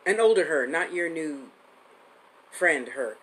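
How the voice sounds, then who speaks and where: Her low-sitting voice is animated, slow, a bit bright, and slightly rough, caught on a low-quality recording. She's in her fifties, a psychic medium host doing a live-streamed reading that's chatty, affectionate, and rambling with restarts.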